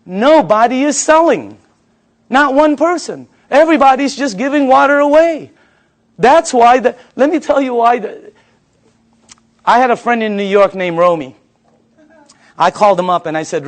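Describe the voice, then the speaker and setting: A man in his fifties giving a sales pitch to a live audience. He tells stories in an animated way and repeats the audience's answers back to them. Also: moderate pace. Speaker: sales presenter.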